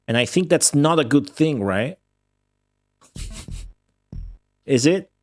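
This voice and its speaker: This man's voice sits at medium pitch with big swings in intonation, delivered very slowly with vocal fry and a slightly mellow quality. A native Italian speaker, he streams a game live and chats with viewers in English carrying a slight Midwestern accent with a touch of Australian, rambling offhandedly and swearing freely. The dry, studio-quality recording has soft music underneath.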